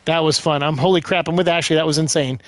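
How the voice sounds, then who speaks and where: A man giving casual let's-play commentary, exclaiming loudly as he plays. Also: on the high side, quick pace, no room sound. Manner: excitable, loud bursts of exclaiming while playing. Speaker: gaming streamer.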